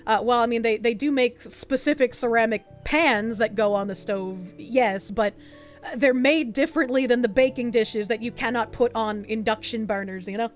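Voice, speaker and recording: A woman streamer with a high voice reacts to an article in casual, sarcastic chatter. She swears freely and darts off into quick asides. Faint music runs behind her.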